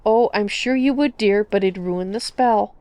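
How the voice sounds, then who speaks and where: A big-hearted motherly Nord woman , played by a woman coos and reassures in a soft, doting voice. The voice is close and dry, from a game roleplay. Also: mid-range voice, normal speed, no echo, lightly acted. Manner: doting, soothing.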